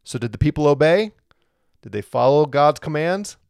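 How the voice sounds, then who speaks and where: A man's voice: fairly high pitch, expressive, normal speed, gravelly, a little mellow, clear, resonant tone, no echo, studio quality. A man teaching through a Bible passage verse by verse, explaining step by step and asking rhetorical questions, with a lingering cough.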